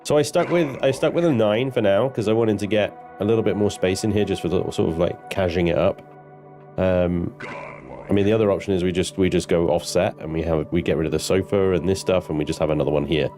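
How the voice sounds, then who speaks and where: Chatty low-voiced male game streamer. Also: fast, warm tone, soft background music. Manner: chatty, swearing, banters with chat. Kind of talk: live gameplay commentary.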